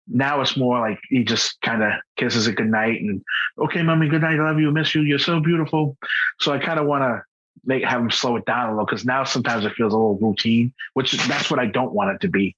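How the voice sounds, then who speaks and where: A man talks candidly as a podcast guest, his mid-pitched voice husky and a little breathy. He speaks haltingly and earnestly, often starting his sentences over. The recording sounds dull and lo-fi. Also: a bit bright. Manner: halting, earnest, with frequent restarts. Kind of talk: candid personal conversation.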